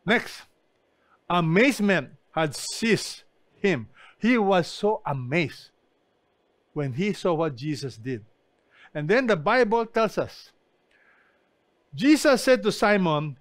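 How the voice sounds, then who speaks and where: A man's voice: high voice, lively intonation, slow, pauses often, no room sound. A man preaching an online sermon as pastor, emphatic and often asking his listeners questions. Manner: emphatic, asks the congregation questions.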